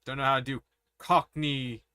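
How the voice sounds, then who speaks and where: A casual streamer reading a story game's text aloud with chatty asides, over loud game music. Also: mid-range voice, flat delivery, normal speed, smooth, no echo. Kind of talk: game let's-play narration.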